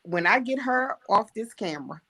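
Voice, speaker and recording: A woman's voice: on the high side, lively intonation, moderate pace, bright, forceful tone, slightly rough. A woman guest talking earnestly in a casual conversation, speaking from her own experience. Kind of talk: casual chat.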